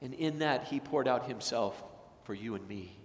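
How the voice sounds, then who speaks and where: Impassioned preacher in an echoing sanctuary. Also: male voice, medium pitch. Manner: impassioned, swings from loud emphatic peaks to hushed slow phrases. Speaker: pastor. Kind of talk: sermon. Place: church sanctuary.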